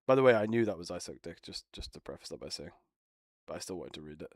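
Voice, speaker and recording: A man's voice: deep voice, animated, fast talker, no room sound, studio quality. A young man bantering casually with friends as a streamer, teasing, swearing and laughing often.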